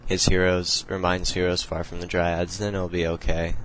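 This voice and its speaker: A young man with a deep voice and very little rise and fall talks through a strategy game replay at home. His explaining is loose and rambling, full of fillers and restarts. A faint hiss sits under the recording. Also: completely flat delivery, normal speed, a bit bright, poor audio. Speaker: replay commentator. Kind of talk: casual strategy game commentary.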